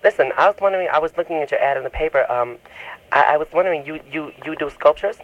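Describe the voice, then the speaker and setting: A man's voice: fast, highs cut off. Stammering man on a prank call. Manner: hesitant, stammering, turning whiny and shrill. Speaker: prank caller.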